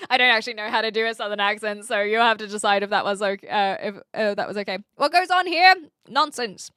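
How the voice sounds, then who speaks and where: A woman's voice: mid-range voice, steady tone, quick pace, pushed and bright, clean tone, dry recording, clean studio sound. Chatty New woman streamer. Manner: chatty, reads chat aloud, frequent ums and restarts. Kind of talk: casual livestream chat.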